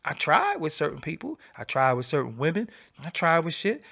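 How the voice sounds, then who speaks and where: A man hosting a livestream, ranting in a profane, animated, preaching way and repeating his phrases, swinging from low mutters to loud outbursts. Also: moderate pace, creaky. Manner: swoops between low mutter and loud high bursts. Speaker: livestream host. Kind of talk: unscripted livestream rant.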